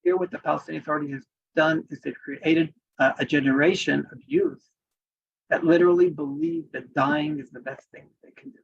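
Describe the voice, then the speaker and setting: A man's voice: on the high side, animated, brisk, gravelly, slightly rough. A man giving an earnest, emphatic spoken presentation, reading out quoted examples as he goes. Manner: earnest, emphatic, with frequent restarts. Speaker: advocacy speaker. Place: in Washington. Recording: dull lo-fi recording.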